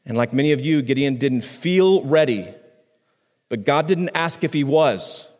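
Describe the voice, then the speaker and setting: A man, a pastor, preaching a sermon on a microphone in a conversational way, restarting phrases and swinging his pitch up and down for emphasis. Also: animated, a little slow, darkish tone, big-room sound. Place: church sanctuary.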